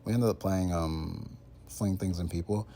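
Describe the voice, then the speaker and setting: A man's voice: low voice, fairly even intonation, a little slow, mellow. A man in his twenties casually rambling in a monologue, full of fillers and slang. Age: 20s. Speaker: content creator.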